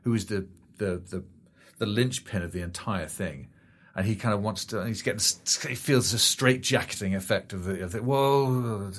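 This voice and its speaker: A man's voice: on the low side, fairly quick, a bit bright. A man co-hosting a podcast, chatting casually and rambling, often repeating his words. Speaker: podcast co-host. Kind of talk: casual chat.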